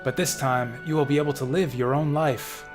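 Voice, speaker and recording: A man's voice: medium pitch, steady tone, moderate pace. A man streaming a game, reading its dialogue aloud in a dramatic way and drifting into casual, profane asides. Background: faint game music.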